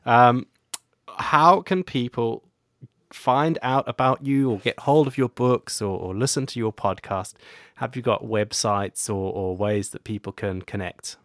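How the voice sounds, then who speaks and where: A man's voice: mid-range voice, a little slow, a bit bright, no room sound, clean studio sound. A man hosting a podcast, interviewing his guest with short affirmations and signing off the show. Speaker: podcast host.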